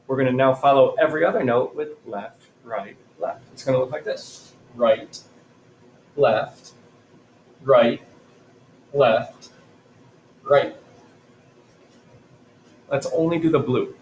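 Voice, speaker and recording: A male music teacher giving a patient, clear drumming lesson in a classroom, chanting rhythms for his students. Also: medium pitch, a little fast, a little mellow, reverberant, a little hiss or hum, poor audio. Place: classroom with a chalkboard.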